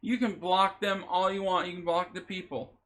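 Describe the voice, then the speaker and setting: A man's voice: sits high, little pitch movement, normal speed, a bit bright. A man giving emotional, emphatic vlog commentary, repeating himself and swearing as he talks. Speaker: vlogger. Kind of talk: impassioned reaction commentary.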